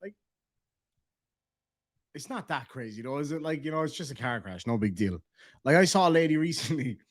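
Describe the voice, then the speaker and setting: A streamer from Ireland reacts to a livestream in a slightly high, animated voice at a moderate pace. He tells profane stories casually, laughing his way through his own tales.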